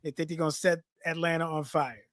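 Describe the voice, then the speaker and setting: A man, co-hosting a podcast and telling lively stories that he acts out in casual chat. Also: a little high, a little fast, dry recording, clean studio sound. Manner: animated storyteller, acts out quotes. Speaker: podcast co-host.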